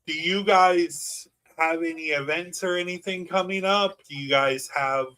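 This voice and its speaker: A fairly high-voiced man hosting a laid-back podcast, eager and loose with his words. He swears casually and asks quick questions. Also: sharp tone, low-quality recording. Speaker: podcast host.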